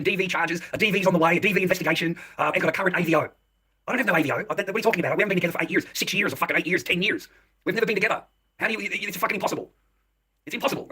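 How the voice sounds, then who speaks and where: A man's voice: a little high, pushed and bright, husky. A man ranting straight to camera in an agitated, heated way, swearing and speaking to the viewer. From Australia. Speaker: vlogger. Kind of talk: direct-to-camera rant.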